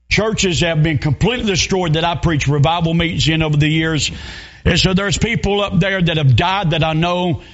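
High-voiced Southern preacher man. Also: highs cut off. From North Carolina. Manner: emotional, rising to shouts in retold scenes. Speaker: revival preacher. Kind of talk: sermon storytelling.

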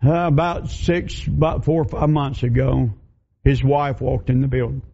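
A man's voice: medium pitch, steady tone, normal speed, gravelly, warm tone, slightly rough. A man preaching a sermon as pastor, telling folksy stories and acting out the voices of the people in them. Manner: folksy storytelling, acts out quoted voices. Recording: dull lo-fi sound.

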